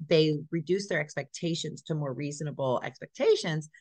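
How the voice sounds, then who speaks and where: A woman's voice: low voice, a little fast, darkish tone, no room sound. A woman from California, a dog trainer chatting as a guest in an earnest, rambling way. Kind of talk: casual chat.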